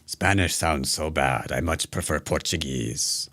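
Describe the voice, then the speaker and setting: A man's voice: extremely low pitch, a little slow, a bit bright, dry recording. A man teaching Go on a live stream, talking casually and playfully, joking with his chat and rambling with fillers and restarts. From United States.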